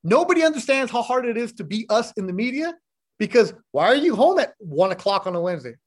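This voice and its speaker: A man's voice: extremely high pitch, big pitch swings, fast. A middle-aged man, a sports broadcaster, chatting as a podcast guest, telling stories bluntly and with animation, swearing now and then. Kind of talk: casual chat.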